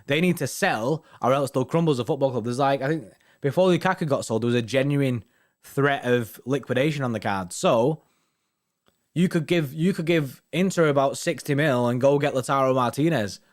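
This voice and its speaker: A man's voice: mid-range voice, normal speed. A young man hosting a football fan live stream, chatting casually with viewers, full of slang and tags like "innit" and "you know what I mean".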